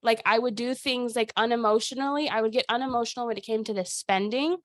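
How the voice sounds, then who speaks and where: A woman hosting a weekly sales team call, talking in an energetic, chatty way with lots of "like" and "dude". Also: on the high side, fast, no echo. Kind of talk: casual motivational talk on a video call.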